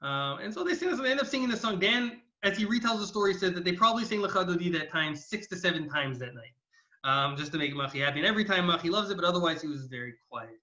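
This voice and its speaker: A man telling a story to a class, his high, bright voice jumping up whenever he acts out a character's line. He hesitates often, with fillers and restarts. The recording sounds dull and lo-fi. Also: fast, reverberant. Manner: animated, acts out characters' lines. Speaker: educator.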